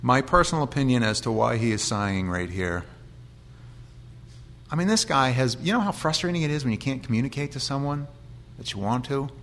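A man's voice: medium pitch, expressive, fairly quick, a bit bright, a little hiss or hum. A middle-aged man giving an informal Bible teaching, reading verses aloud and then explaining them in plain everyday words. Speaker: pastor.

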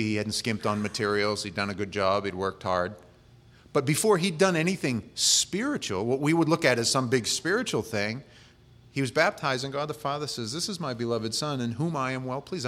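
A man's voice: mid-range voice, fairly bright tone. A male pastor preaching a sermon in a conversational way, with humorous asides.

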